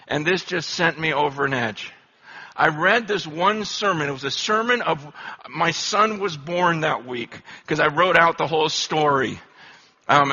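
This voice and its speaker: Male preacher, forties, high bright voice, storytelling sermon, dull lo-fi recording. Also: slightly rough. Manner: conversational, self-deprecating storytelling, builds to impassioned urgency. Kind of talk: conference sermon.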